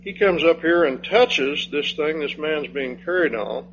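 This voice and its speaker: A man preaching an expository sermon, slow and emphatic, rising on key phrases and dropping low when he reads scripture. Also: lively intonation, fairly bright tone. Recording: dull lo-fi sound with faint hum.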